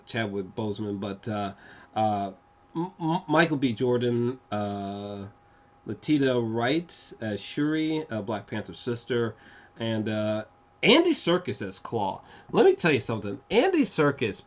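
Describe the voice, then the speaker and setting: A man of middle pitch talking through a film review in a loose, rambling way. He swears freely, leans on fillers and restarts, and breaks into excited gushing at times. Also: unhurried. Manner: rambling and profane, heavy with fillers; excitable, gushing bursts of enthusiasm. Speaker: movie reviewer. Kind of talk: casual spoken film review.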